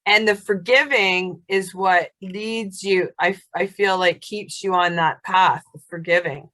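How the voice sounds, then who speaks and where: A woman's voice: fairly low pitch, fairly even intonation, unhurried, fairly bright tone, low-quality recording. A woman co-hosting a casual self-help chat over a video call, soothing and affirming in tone. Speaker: co-host.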